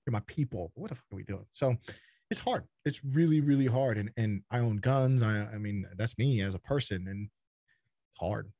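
A man's voice: medium pitch, normal speed, dark tone, dry recording, clean studio sound. A man from Texas, a startup founder speaking as a podcast guest, talking bluntly and casually, swearing and repeating words as he goes.

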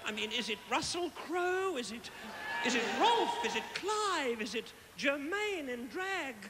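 A gushing Australian diva housewife. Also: male voice, very high-pitched, sing-song, unhurried, exaggerated voice. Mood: mock alarm. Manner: theatrical, gushing, cheekily condescending. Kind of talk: live comic stage introduction. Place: huge outdoor concert at a palace. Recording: echoey live arena with loud crowd noise.

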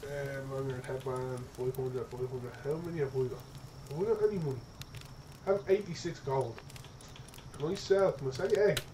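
A young man giving casual let's-play commentary, excitable and profane, chattering to his in-game pet as he plays. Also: mid-range voice, moderate pace, background noise. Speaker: gaming streamer.

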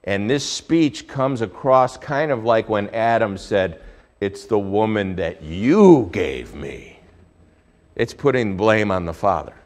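A male pastor preaching a sermon, telling a Bible story with lively swings between hushed and loud delivery. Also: on the low side, slow.

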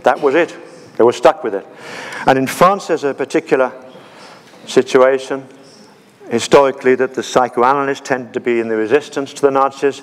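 A man gives a conference lecture with slides, and his voice sits at an ordinary middle pitch. He talks haltingly, with many ums and restarts. His voice rings with the long reverb of a large hall. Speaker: conference speaker.

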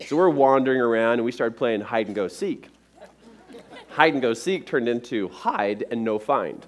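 A man's voice: mid-range voice, normal speed, a faint crowd. A man giving a motivational seminar talk, telling a personal story to a live audience and acting out the dialogue. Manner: animated, acts out the dialogue in his stories. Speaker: motivational speaker.

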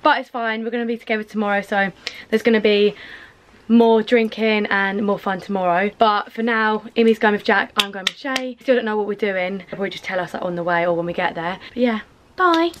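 A young woman from England chatting in a casual vlog, bubbly and quick to laugh. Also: mid-range voice, a little hiss or hum. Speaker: vlogger.

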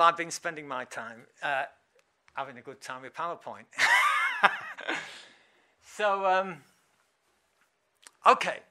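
A man preaching an informal sermon in church, chatty and animated, laughing often. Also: fairly high pitch. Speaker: lay preacher.

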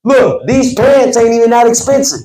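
Man, motivational sales team talk, emphatic, high voice, echoey room. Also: fairly even intonation, moderate pace, dark tone. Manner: emphatic, stresses words, preacherly cadence.

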